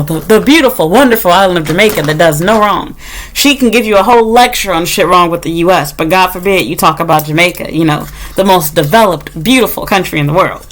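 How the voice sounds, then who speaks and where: Woman, from the US, vlog rant, blunt, sarcastic, profane, middle pitch. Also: a bit bright. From United States. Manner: blunt, profane and sarcastic, mocking others in put-on voices. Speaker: vlogger. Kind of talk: casual storytime rant.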